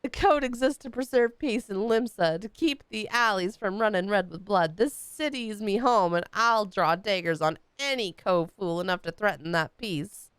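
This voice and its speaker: A woman reading lines as a swaggering male pirate rogue guild master for a game, in rough sailor slang. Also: mid-range voice, moderate pace, hardly any pauses, dry recording, studio quality, lightly acted.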